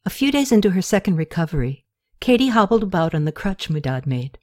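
A woman narrating an audiobook in a steady, measured storytelling voice. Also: fairly low pitch. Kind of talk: scripted narration.

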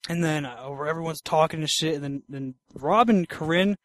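A man's voice: fairly high pitch, a little fast, a bit bright. A young man hosting a podcast, telling a long crude story in casual chat, rambling and laughing as he goes. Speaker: podcast host.

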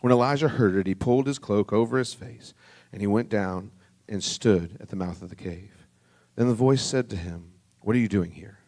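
A pastor preaches a sermon at normal speed, reading scripture aloud with an earnest, conversational delivery. On solemn passages his voice drops soft and low.

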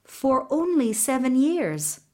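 A woman's voice: high voice, sing-song, slow, mellow, voice pushed up, heavily acted. A woman voicing a wise magical white mare. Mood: grave.

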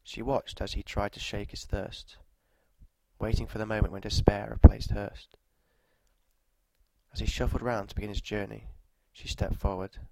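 Gravelly, flat-voiced male storyteller. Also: fairly low pitch, moderate pace, poor audio. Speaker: narrator. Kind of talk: scripted story narration with walking directions.

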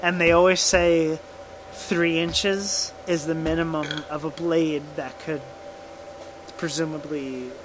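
A man co-hosting a podcast, telling a true crime case in casual profane chat, halting and laughing often. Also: a little high, little pitch movement, noisy background. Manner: slow, halting, laughs often, drinking whiskey.

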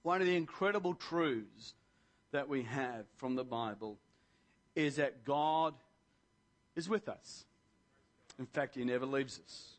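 A man's voice: mid-range voice, expressive, slow, long pauses. A male preacher giving an impassioned sermon that rises to emphatic proclamations.

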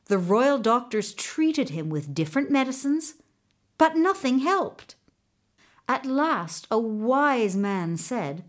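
Female narrator for a storybook; measured, animated delivery. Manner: slow, expressive reading with lively pitch. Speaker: audiobook narrator.

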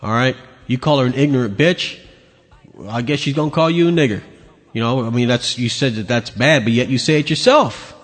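In a long hall reverb, a podcast host with a medium-pitched voice talks a little fast. He comments on video clips in an angry, crude rant full of profanity and mockery.

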